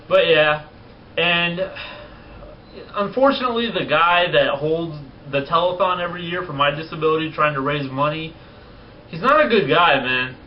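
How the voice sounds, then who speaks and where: A man in his twenties talking casually on a vlog, blunt and profane, rants that get animated. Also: on the high side. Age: 20s. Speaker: vlogger. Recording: distant lo-fi mic with faint noise.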